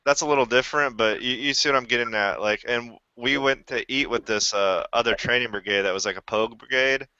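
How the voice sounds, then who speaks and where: A man with a bright, smooth voice rambles through an old army story, restarting sentences and cursing casually. The recording is dry and a little dull. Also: mid-range voice, brisk, few pauses, dry recording. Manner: rambling, restarts often, profane. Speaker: Army veteran. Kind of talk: casual chat.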